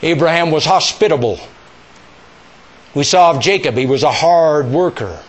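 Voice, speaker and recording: Emphatic preacher man, lively pitch. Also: normal speed. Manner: emphatic, rising to near-shouts; call-and-response with the congregation. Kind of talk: sermon.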